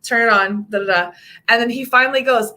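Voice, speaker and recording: A woman from the United States, in her thirties, chatting casually as a vlogger and telling stories with lively acted-out quotes. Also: brisk. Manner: animated storyteller, acts out quotes in a high voice. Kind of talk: casual chat.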